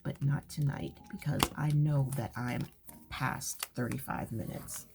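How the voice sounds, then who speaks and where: Low gravelly woman, chatty and hushed. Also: fairly even intonation, a little slow, noisy background. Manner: chatty, rambling, often drops to a whisper. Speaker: craft channel host. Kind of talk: relaxed journaling chat.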